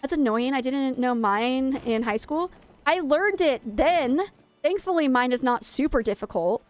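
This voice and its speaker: High-voiced woman rambling through a story. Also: measured pace, soft background music. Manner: rambling storyteller, lively and self-mocking. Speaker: streamer. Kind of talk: casual chat while gaming.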